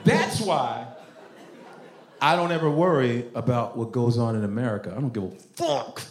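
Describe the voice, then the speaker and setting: A man from Nigeria doing an animated, profane stand-up set on a comedy club stage, often laughing. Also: mid-range voice, normal speed, echoey room.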